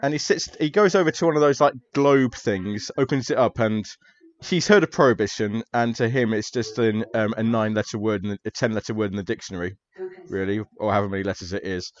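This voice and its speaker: A man narrating as game master of a tabletop horror game, relaxed and chatty with frequent ums. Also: on the low side, brisk, no echo, muffled recording.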